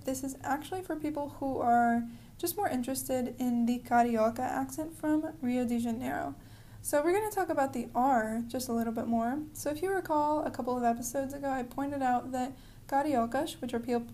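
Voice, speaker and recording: High mellow-voiced woman teaching pronunciation, friendly, slows down to model words, faint hiss behind. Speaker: language teacher. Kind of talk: podcast pronunciation lesson.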